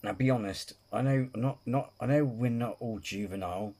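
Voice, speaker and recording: A man's voice: mid-range voice, normal speed, mellow. A man hosting a reaction video, chatting casually with crude, self-mocking humour and frequent laughs.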